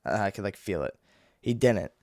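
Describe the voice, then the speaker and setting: A man's voice: fairly low pitch, normal speed, dry recording, clean studio sound. Profane young man telling a story. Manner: profane, animated, acts out yelling in quotes. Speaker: vlogger. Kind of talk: casual storytelling rant.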